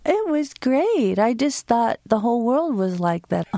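Slow, expressive woman storyteller. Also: fairly high pitch, a little hiss or hum. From United States. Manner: slow, vivid, expressive delivery with acted-out quotes. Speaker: storyteller and interview guest. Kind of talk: staged personal storytelling.

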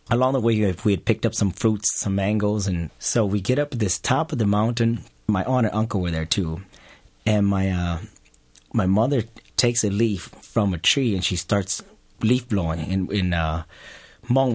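A man telling a personal family story to an audience, earnest and halting, often restarting his sentences. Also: deep voice, no echo.

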